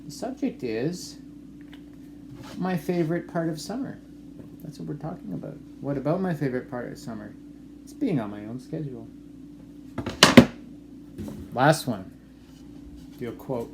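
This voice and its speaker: A male teacher from Canada leads a dictation lesson, speaking in an even, middle-pitched voice and reading each sentence slowly and clearly, more than once. A steady hiss of noise sits under the recording. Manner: slow, clearly dictated phrasing, repeating sentences.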